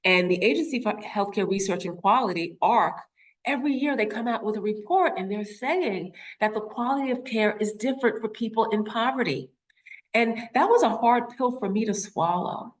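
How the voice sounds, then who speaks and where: A woman's voice: on the high side, lively intonation, moderate pace. A nurse in her fifties speaking to an audience, telling a personal story with rhetorical questions and acting out the voices she quotes. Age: 50s.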